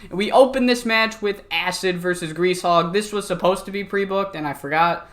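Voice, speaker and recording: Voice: medium pitch, moderate pace, a bit bright. A YouTuber casually commenting on a wrestling sim game, rambling, swearing and laughing at their own slip-ups.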